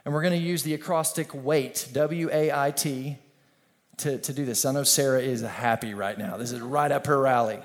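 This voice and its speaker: A man pastor preaching an energetic, conversational sermon with call-and-response. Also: medium pitch, normal speed.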